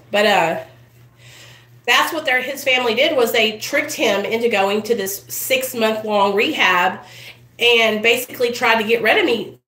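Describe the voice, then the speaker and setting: A woman's voice: on the high side, a bit bright, roomy sound, poor audio. A woman vlogger telling a rambling, chatty story straight to camera, often addressing viewers as "you guys". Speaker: vlogger in addiction recovery. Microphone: built-in camera mic.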